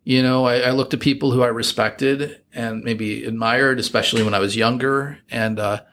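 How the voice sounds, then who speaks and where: A man's voice: medium pitch, fairly even intonation, moderate pace, fairly bright tone, a little hiss or hum. A middle-aged man with an American accent, chatting reflectively as an interview guest, full of fillers and restarts. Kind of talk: casual interview chat.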